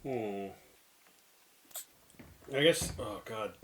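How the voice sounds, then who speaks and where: A man's voice: on the low side, drawn-out words, a little hiss or hum. A man from Canada co-hosting a casual beer-tasting chat, teasing his partner with wry remarks. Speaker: co-host of a beer tasting show.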